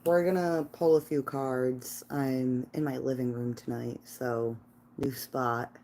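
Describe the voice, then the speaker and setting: Chatty woman on a phone livestream in her living room, low mellow voice, slow, faint hum behind. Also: fairly even intonation. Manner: chatty, laughing, talks to her cat and chat. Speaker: tarot reader livestreaming. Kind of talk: casual livestream chat.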